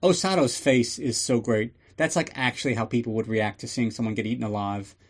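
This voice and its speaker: A man's voice: medium pitch, a little fast. A man hosting a podcast, giving a casual, sarcastic and profane recap of a movie. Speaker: podcast host.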